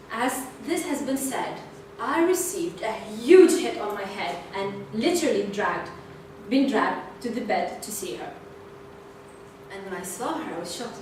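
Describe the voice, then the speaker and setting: In a meeting room, a young adult woman gives a prepared speech to her club, animatedly telling a playful story. She speaks unhurriedly in a mid-range voice with lively intonation and a darkish tone. The recording picks up echo, background noise, and the distance of the mic.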